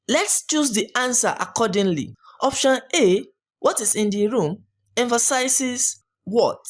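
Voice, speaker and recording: Woman teacher for a scripted exam lesson; slow, deliberate delivery with a sing-song rise and fall. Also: fairly high pitch. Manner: clear, deliberate step-by-step explaining. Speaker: English teacher.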